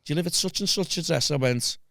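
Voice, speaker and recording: A man with a Liverpool accent tells a story to his podcast hosts, swearing freely and slipping into the voices of people he quotes. His voice has a gravelly, rough texture. The room sounds dry and close, with no echo. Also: fairly high pitch, fast talker, fairly bright tone. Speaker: podcast guest. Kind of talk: casual storytelling chat.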